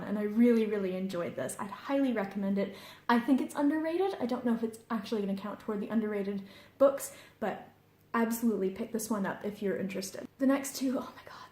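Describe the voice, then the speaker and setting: A woman's voice: mid-range voice, darkish tone. A young woman vlogging about books she loves, gushing and fangirling with frequent laughs. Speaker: book vlogger. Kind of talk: enthusiastic book recommendations. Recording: roomy indoor echo.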